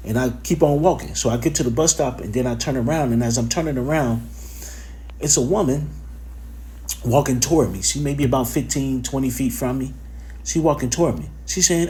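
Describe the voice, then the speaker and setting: A man's voice: fairly high pitch, lively intonation, brisk, darkish tone. A man giving a casual spoken religious lesson, informal and profane, with plenty of fillers and repeated phrases.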